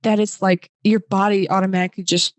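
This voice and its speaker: A young woman recounts her own story as a podcast guest, slipping into voices for the people she quotes. Her speech is chatty and full of fillers, at a middle pitch for a woman. The sound is close and dry, with no room echo. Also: a little fast. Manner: animated, acts out quoted voices; many fillers like "like". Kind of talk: personal storytelling.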